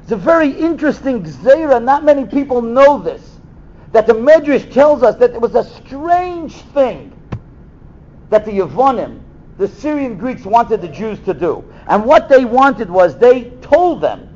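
Animated high-voiced storytelling man. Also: a little slow. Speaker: rabbi giving a talk. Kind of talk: storytelling sermon. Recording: dull lo-fi recording.

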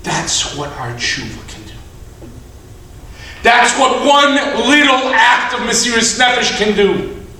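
Lively high-voiced man preaching. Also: a little hiss or hum. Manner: animated, drawn-out emphatic phrasing. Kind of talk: sermon with storytelling. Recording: echoey hall, mic at a distance.

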